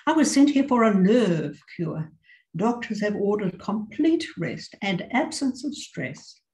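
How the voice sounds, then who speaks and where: A woman's voice: mid-range voice, lively intonation, unhurried, a little mellow, close to an everyday voice. A woman reading as a fussy nervous man. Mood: fretful. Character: fussy nervous man fixated on his health. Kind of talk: reading a story aloud.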